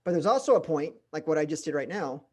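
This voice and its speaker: Animated middle-aged man leading sales training. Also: fairly high pitch. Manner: animated, varies speed and pauses for emphasis. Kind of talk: group training session.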